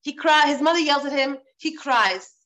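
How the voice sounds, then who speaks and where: A woman's voice: high-pitched, moderate pace, a bit bright. A woman teaching a live online religious class, stressing points by repeating phrases, over a video call.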